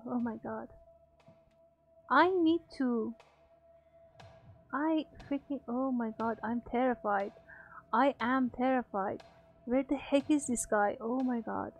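Scared young woman gaming, high pitched, drawn out nervous talk. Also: a little mellow, slightly rough. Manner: frightened, gasping, nervous laughter. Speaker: gamer streamer. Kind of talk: horror game let's play commentary.

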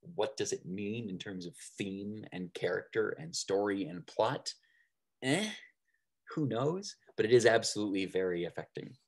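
A man with a somewhat low voice delivers a recorded lecture on theater. His delivery is loose and conversational, dotted with fillers and little "right?" check-ins. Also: animated, normal speed.

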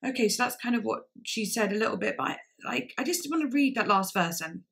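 A young woman with a bright, forceful voice reacts to songs in a loose, chatty way. She gushes and gets emotional, and her talk is full of filler words. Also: medium pitch, expressive, quick pace, creaky, few pauses. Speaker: music reaction vlogger. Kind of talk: casual reaction commentary.

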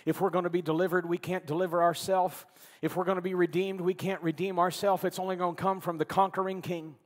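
A man preaching a fervent sermon as pastor in a church, swinging between loud calls and hushed, quiet lines. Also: high voice, fairly even intonation, normal speed, in a large hall. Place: church sanctuary.

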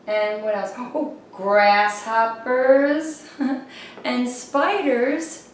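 A woman leads songs and finger rhymes for small children, singing and chatting in a playful voice with little whoops. She talks slowly and sits a little high. Her voice comes from a bit away from the mic, in a strongly echoing room. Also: expressive, recorded from a distance, a little hiss or hum. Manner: playful, sing-song, exclaims little whoops. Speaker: children's show host. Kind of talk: singing and rhyming for young children.

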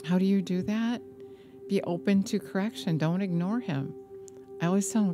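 A woman minister giving an earnest personal testimony sermon, slow and deliberate, with a warning tone. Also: mid-range voice. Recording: music playing behind the voice.

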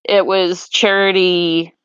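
A woman's voice: fairly low pitch, flat delivery, slow, fairly bright tone, clean tone, no room sound. Rambling woman recapping a game. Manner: rambling, restarts sentences while recalling events. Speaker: player on a tabletop game podcast. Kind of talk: casual recap chat. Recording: slightly muffled dry recording.

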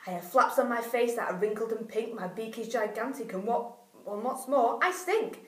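A woman's voice: a little high, normal speed, roomy sound, distant mic, lightly acted. A woman voicing a bald smelly vulture who boasts about being revolting. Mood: boastful.

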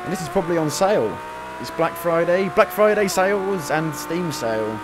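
A chatty man in his 20s demos a racing game, giving casual commentary over loud, roaring car engines from the game. His voice is on the high side and moderately paced, and he reacts constantly, bursting into excited exclamations.

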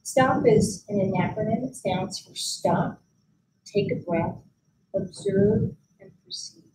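Calm woman guiding mindfulness. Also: mid-range voice, slight background noise, poor audio. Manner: calm, gentle, leads practices with pauses. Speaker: mindfulness instructor. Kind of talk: guided mindfulness teaching at a conference. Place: conference room.

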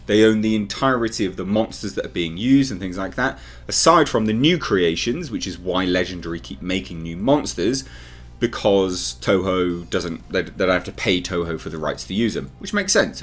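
A man's voice: fairly low pitch, fairly bright tone. A man hosting his own channel, giving casual to-camera commentary on movie rumors in a chatty, speculative way. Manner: chatty, speculative, talks straight to viewers. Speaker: film commentary YouTuber.

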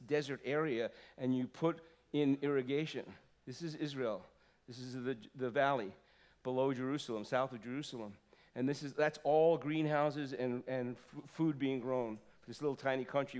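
A man in his fifties preaching a sermon in a church, swinging from loud exclamations to soft asides. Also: medium pitch, fairly even intonation, normal speed, few pauses. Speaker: pastor. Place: church sanctuary.

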